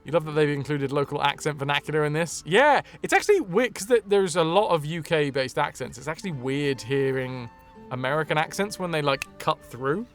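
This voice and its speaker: A man's voice: a little high, expressive, fairly quick, faint music behind. A young man streaming a video game, chatting and joking playfully as he plays. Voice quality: jokey, playful, sings snippets. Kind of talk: live game commentary.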